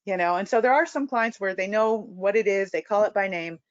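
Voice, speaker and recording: A woman's voice: mid-range voice, brisk, clear, resonant tone, dry recording, highs cut off. A woman clinician giving a conversational training lecture, full of fillers and restarts. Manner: conversational, many "you know" fillers and restarts. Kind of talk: recorded training webinar lecture.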